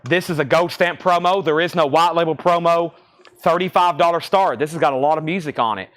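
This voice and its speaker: Running a live-stream auction in a record shop, a Southern-accented man rattles through titles, conditions and prices. He sounds a little high, a little fast and a bit bright.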